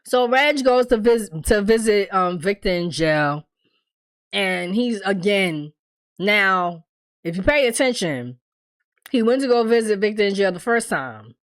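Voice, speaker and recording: A woman hosting a casual TV recap, talking in an animated, blunt and profane way and laughing often. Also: mid-range voice, a little slow, clear, resonant tone. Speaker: TV recap host.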